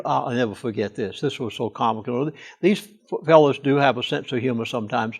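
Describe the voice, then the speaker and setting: A man's voice: medium pitch, brisk, few pauses. An older man, a pastor, speaking earnestly and emphatically in a studio interview and leaning hard on key words. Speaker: pastor and chaplain.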